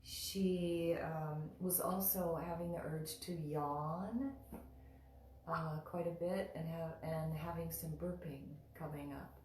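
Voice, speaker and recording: Slow, calm woman in an echoey room. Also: deep voice, far from the mic, a little hiss or hum. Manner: calm, unhurried, chants syllables drawn out. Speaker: mantra teacher. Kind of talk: spoken teaching with slow chanting.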